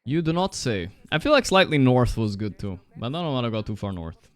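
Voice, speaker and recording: A young man streaming live, chatting casually, reacting loudly and swearing often while he plays a guessing game. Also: mid-range voice, very animated, quick pace, clear, resonant tone, dry recording.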